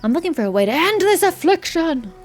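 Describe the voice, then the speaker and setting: Woman voicing a pompous gnome man, fussy, theatrical, lively swings in pitch. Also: brisk, soft background music. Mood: indignant. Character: fussy male gnome scholar, pompous and cursed.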